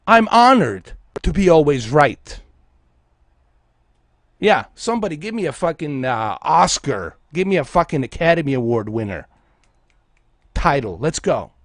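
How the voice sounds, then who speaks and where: A man's voice: a little high, big pitch swings, measured pace, long pauses, a bit bright, no echo, studio quality. A man from Bosnia, a game streamer delivering an aggressive, profane, taunting livestream rant at his viewers.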